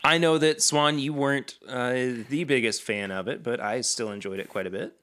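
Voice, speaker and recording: A man's voice: mid-range voice, fairly even intonation, normal speed, a bit bright. Chatty man co-hosting a podcast. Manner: conversational, with frequent fillers and restarts. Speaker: podcast co-host. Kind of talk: casual chat.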